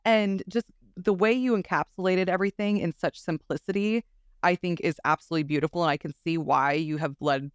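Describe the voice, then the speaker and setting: A woman hosting a podcast interview, effusive and enthusiastic, quick to agree with her guest. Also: fairly low pitch, clear, resonant tone, no room sound, clean studio sound. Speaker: podcast host.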